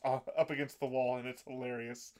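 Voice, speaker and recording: A man's voice: mid-range voice, level tone, brisk, darkish tone. A man co-hosting a casual chat, chiming in enthusiastically and laughing along. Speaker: podcast co-host. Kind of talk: casual chat recapping an anime.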